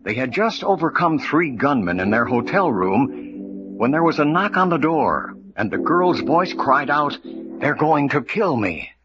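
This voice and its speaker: A man narrating and announcing an old radio drama with measured, dramatic delivery. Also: on the high side, big pitch swings, over music. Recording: noisy lo-fi old radio recording.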